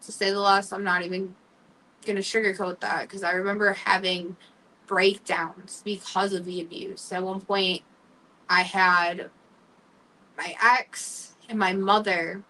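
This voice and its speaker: A woman's voice: medium pitch, little pitch movement, pushed and bright, distant mic, low-quality recording. Candid young woman host, a bit off-mic. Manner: candid, emotional, halting with fillers. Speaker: podcast host. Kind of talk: personal storytelling.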